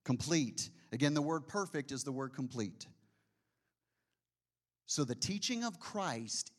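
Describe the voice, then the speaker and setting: Using a mid-range voice, a man gives a sermon that feels like conversation, posing frequent questions to those listening. On key phrases he slows down to a hush.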